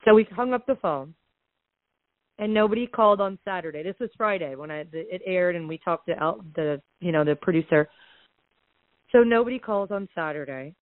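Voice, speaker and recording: A woman's voice: fairly low pitch, moderate pace, no echo. Chatty woman guest, mid-range voice, acts out the dialogue, dry phone-line sound. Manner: animated retelling that acts out quoted dialogue. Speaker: podcast guest, real estate investor. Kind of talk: casual storytelling.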